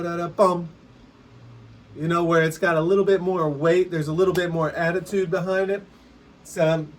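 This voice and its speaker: Man teaching snare drum dynamics. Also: fairly high pitch. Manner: relaxed, conversational, scats rhythms aloud. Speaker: percussion teacher. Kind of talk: casual instructional explanation.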